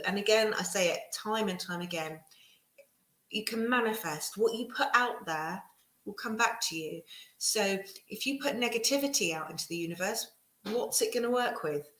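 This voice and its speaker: A woman giving a casual live tarot reading, reassuring and chatty with many pauses and restarts. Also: medium pitch, fairly bright tone. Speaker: tarot reader. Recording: echoey room.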